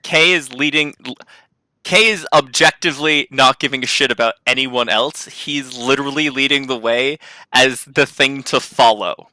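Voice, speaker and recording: Blunt casual male player; very bright voice, dry recording. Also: medium pitch, moderate pace, dry recording. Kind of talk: tabletop game play.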